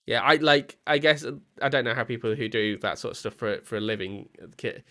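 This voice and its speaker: A man's voice: medium pitch, fairly quick, a bit bright. A man co-hosting a casual podcast chat, talking hesitantly with lots of fillers and false starts. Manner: rambling, hesitant, many fillers.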